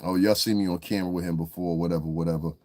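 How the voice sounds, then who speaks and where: A man's voice: deep voice, steady tone, very fast, mellow. A man hosting a casual livestream, laid-back and chuckling as he talks to his chat. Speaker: livestream host.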